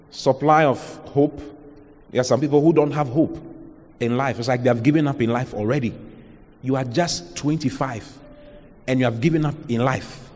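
A man's voice: mid-range voice, a little mellow, big-room sound. A man with a Ghanaian accent, preaching a sermon as a pastor, emphatic and full of rhetorical questions.

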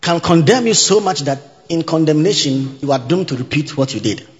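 A man preaching a sermon in a church hall, repeating each point slowly and checking that the congregation is following. His voice carries a long reverb through the room, and the recording sounds dull and muffled. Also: on the high side, animated. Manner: teaching by repetition, asking the congregation if they follow; interjects hallelujah.

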